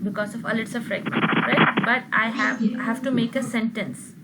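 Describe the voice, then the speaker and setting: A woman's voice: on the high side, fairly even intonation, moderate pace, a loud crowd, rough recording. A woman teaching an online grammar class, explaining patiently and often checking with her students. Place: video call.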